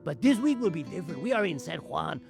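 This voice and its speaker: A man's voice: on the high side, big pitch swings, fast, creaky. A man voicing a cocky, boastful rugby man. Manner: swaggering, mock-confident boasting. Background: faint plucked guitar music.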